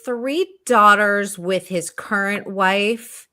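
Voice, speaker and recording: A woman's voice: medium pitch, extremely slow, sharp tone. A woman co-hosting a casual panel chat, explaining things in a confident, matter-of-fact way. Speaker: co-host.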